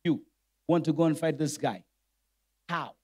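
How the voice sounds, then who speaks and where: A man preaching, putting on the quiet, doubting voice of an old king who questions a boy. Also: a little high, unhurried, slightly rough, voice pushed down. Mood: skeptical.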